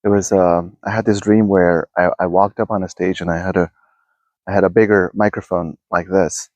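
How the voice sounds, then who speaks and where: A man's voice: sits low, fairly even intonation, normal speed, a little mellow, no room sound. A man hosting a self-help video, talking casually and rambling in a backyard, often restarting his sentences. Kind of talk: casual spoken musing to camera. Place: outdoors in a backyard.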